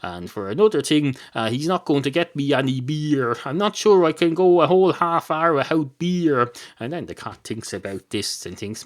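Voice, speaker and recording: An Irish man hosting a podcast, telling a rambling comic story in a digressive, deadpan, sweary way with lots of fillers. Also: medium pitch, moderate pace, few pauses. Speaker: podcast host.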